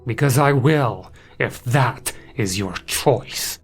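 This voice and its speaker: A cruel winged creature speaks with slow, deliberate contempt, dragging out each taunt, as a man acts it out. The pace is very unhurried and the pitch sits in an ordinary middle range. Soft music plays beneath the horror story. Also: breathy edge. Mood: menacing. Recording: music in the background.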